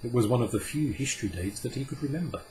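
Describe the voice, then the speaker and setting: A man reading a classic children's story aloud as an unhurried, measured narrator. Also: mid-range voice, expressive, dark tone, slight background noise, poor audio. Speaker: audiobook reader. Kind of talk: scripted narration.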